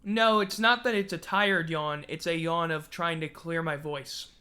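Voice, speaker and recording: A man's voice: on the high side, steady tone, a little slow, pushed and bright, clean tone. A man hosting a casual sports livestream, rambling and self-mocking, yawning now and then as he talks. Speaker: podcast host.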